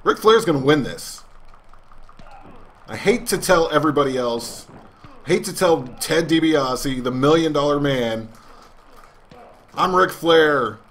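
Joking let's play man, slightly high. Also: animated, a little slow, pauses often, a bit bright, a little hiss or hum. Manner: mock wrestling announcer, joking. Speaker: gaming channel host.

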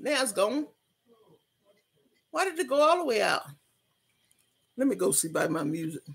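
A woman hosting a casual livestream, reading out viewers' comments with loud, rowdy laughter and party banter. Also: fairly high pitch, sing-song, moderate pace, gravelly, breathy edge. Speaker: livestream host.

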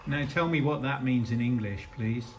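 A man with an ordinary mid-pitched voice puts friendly, direct requests to a robot. His talk is relaxed and conversational. A faint hiss sits under the recording. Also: moderate pace. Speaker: interviewer testing a robot. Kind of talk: casual questioning.

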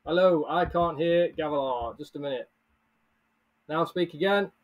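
A man's voice: a little high, moderate pace. A man hosting a casual live stream, upbeat, greeting viewers by name and laughing often. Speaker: livestream host. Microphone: headset or earbuds with desk mic.

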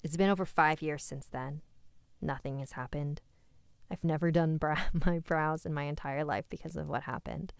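Woman, low voice, smooth and clear, dry close sound, reading a scary story. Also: steady tone, moderate pace, no room sound. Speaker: storyteller reading listener stories.

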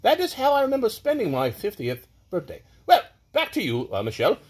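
A man's voice: huge pitch swings, fairly quick, a little mellow, breathy edge, full character voice. A man putting on a pompous, mustached British lord with a hammy, lurching delivery in a comic birthday video. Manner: hammy, lurching between shrill and low.

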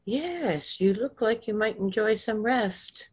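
A woman voicing a kind, patient, gentle man with a soft, soothing manner. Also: a little high, expressive, slow, slightly rough, pitched above the performer's own voice, heavily acted. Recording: dull lo-fi recording.

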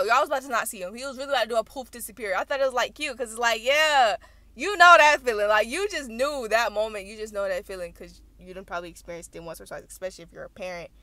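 A young woman hosting a reaction channel, recapping a video in animated, chatty storytelling. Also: fairly high pitch, fast, no echo. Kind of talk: casual recap vlog.

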